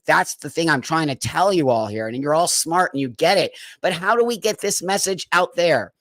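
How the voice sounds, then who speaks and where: A man's voice: on the high side, fairly bright tone, dry recording, clean studio sound. A man hosting a live stream of political commentary, talking straight to his viewers in a heated, emphatic way. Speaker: livestream host.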